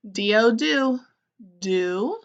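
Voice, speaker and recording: A woman teaching an early-grade writing lesson, spelling words sound by sound and gently asking and answering her own questions. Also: a little high, lively intonation, dull audio. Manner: slow, sound-by-sound spelling for young children; gently encouraging, asks questions and answers them.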